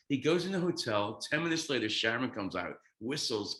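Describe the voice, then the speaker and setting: A man in his fifties, a guest drummer, telling a story excitedly, swearing freely and acting out quotes. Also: medium pitch, fairly quick, few pauses, echoey room. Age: 50s. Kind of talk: animated storytelling.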